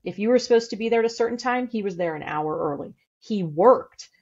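A woman's voice: mid-range voice, expressive, darkish tone, breathy edge, lo-fi sound. A middle-aged woman from St. Louis, a podcast guest speaking in a blunt, candid way. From St. Louis, USA. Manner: blunt, candid and fast-talking. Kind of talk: casual interview talk.

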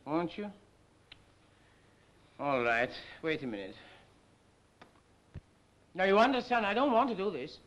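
An actor in a 1930s film playing a vain, teasing exiled Russian prince, speaking with a put-on Russian-tinged accent in an airy, mocking way. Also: male voice, high voice, big pitch swings, a little slow, long pauses, fairly bright tone, full character voice. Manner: airy, mocking, laughs at others.

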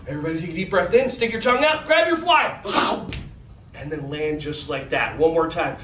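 A high-voiced man leads children through an animal warm-up, animated and encouraging with playful sound effects. He is recorded from a distance in a roomy space with faint ambience behind him. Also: quick pace, slight background noise. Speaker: children's movement instructor. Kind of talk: leading a children's warm-up game.

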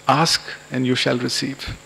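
A man's voice: mid-range voice, level tone, unhurried, creaky, bright, forceful tone, a little hiss or hum, exaggerated voice, poor audio. A man giving voice to a smiling Hindu god who grants boons, told within a lecture story. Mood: amused.

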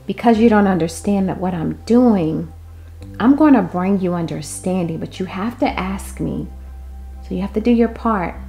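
A woman delivering a prophetic word in an impassioned way, moving between loud declarations and hushed asides. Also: medium pitch, moderate pace, creaky, faint music behind. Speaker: prophetic minister.

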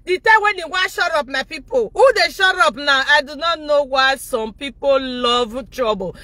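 A woman with a Nigerian accent giving mocking, animated live-stream commentary, often laughing and raising her voice. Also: high voice, normal speed, no room sound. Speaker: social media commentator.

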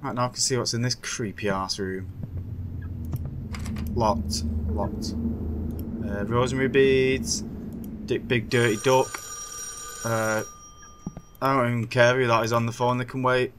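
A man narrating his own horror game session, muttering to himself between sudden startled yelps. His voice sits mid-range, with swearing and nervous running commentary. Clear noise and clicking run under the recording. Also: mid-range voice, steady tone, measured pace, pauses often. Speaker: gaming streamer.

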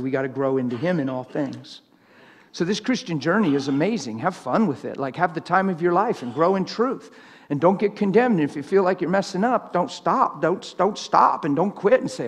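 A middle-aged man delivers a live sermon in a church. His voice sits a little high, and he speaks plainly and bluntly, teasing his listeners with a ready laugh. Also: expressive, fairly quick, big-room sound. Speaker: preacher.

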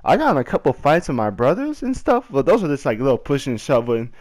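A man telling a casual storytime vlog, rambling with lots of "like" and slipping in deadpan jokes. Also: mid-range voice, quick pace, no echo. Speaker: vlogger.

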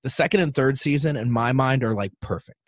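Podcast guest, man, mid-pitched, emphatic and rambling, dry close mic. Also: a little fast, dry recording. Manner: rambling, emphatic, trails off into asides. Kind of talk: casual chat.

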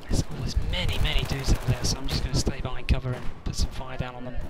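A man's voice: mid-range voice, flat delivery, quick pace, heavy background noise. A man giving rambling, sweary, self-mocking commentary over his own gameplay. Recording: loud game gunfire and explosions behind.

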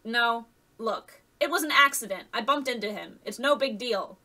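A woman's voice: on the high side, moderate pace, bright, forceful tone, recorded from a distance. A woman reading a storybook, voicing a stubborn, defiant boy ballplayer. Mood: defensive.

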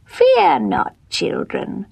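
A woman voicing a wicked old witch in a storybook reading, shrill, gloating and slyly coaxing. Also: huge pitch swings, drawn-out words, creaky, darkish tone, dry recording, heavily acted. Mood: sweetly coaxing.

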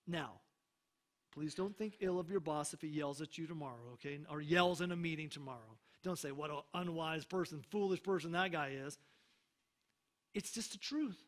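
A man preaching a sermon as pastor, emphatic, slowing down for scripture readings and checking in with the congregation. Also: sits high, expressive.

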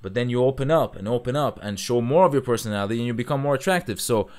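A man hosting a reaction video with blunt, excitable commentary. His pitch swings widely as he jumps between mocking asides and loud cheers. He talks casually and straight at his viewers. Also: fast, clean tone. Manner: animated, blunt, loud outbursts.

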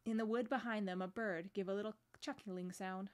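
A woman pastor reads a children's storybook aloud in a gentle, steady voice. Her pitch sits in a middle range. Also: a little fast.

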